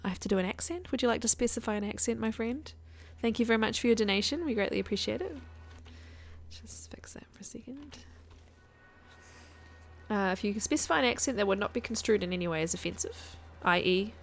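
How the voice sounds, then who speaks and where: A woman's voice: mid-range voice, quick pace, vocal fry, hardly any pauses. A woman, chatting casually to her viewers while playing a game on a live stream and thinking aloud. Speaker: guest streamer.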